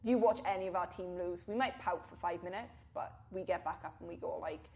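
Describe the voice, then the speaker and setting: A woman's voice: on the low side, a little mellow. A woman in her twenties with a Welsh accent, chatting casually and upbeat as a podcast guest. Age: 20s. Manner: chatty and upbeat, quick laughs. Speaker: podcast guest, jiu-jitsu athlete. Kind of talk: casual interview chat.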